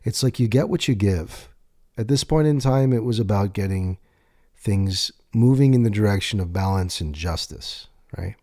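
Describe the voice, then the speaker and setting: A man telling his own life story in a candid, profane way, slowing down on emphatic words. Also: on the low side, mellow, dry recording, studio quality. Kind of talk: personal storytelling monologue.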